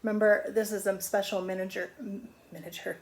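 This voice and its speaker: A woman's voice: mid-range voice, level tone, a little fast, darkish tone, slight background noise. A middle-aged woman teaching a phonics lesson to young children, patiently sounding out words.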